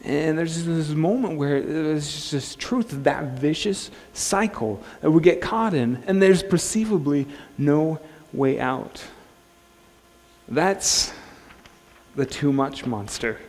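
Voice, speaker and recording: A male pastor preaching a sermon in a relaxed, conversational way, joking and restarting his phrases. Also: fairly high pitch, takes it slowly. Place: church sanctuary. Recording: long church-hall reverb.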